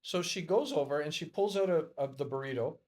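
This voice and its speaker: In a podcast interview, a middle-aged educator and networker tells stories with plenty of energy, voicing the dialogue loudly as he acts it out. He speaks a little fast at a fairly high pitch.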